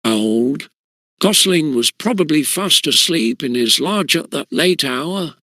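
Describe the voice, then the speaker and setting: A man reading a classic schoolboy story aloud in measured, steady narration. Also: a little high, no echo. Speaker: audiobook reader.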